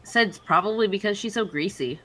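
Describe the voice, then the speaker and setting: A woman's voice: medium pitch, fairly quick, sharp tone, a little hiss or hum. A woman hosting a podcast, talking in an earnest, outspoken way. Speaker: podcast host. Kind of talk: casual chat.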